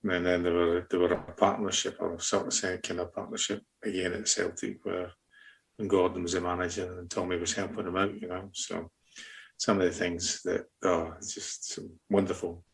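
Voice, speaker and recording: Very deep, gravelly-voiced male host. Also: little pitch movement. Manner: halting, fond reminiscing. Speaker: podcast host. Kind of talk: casual chat.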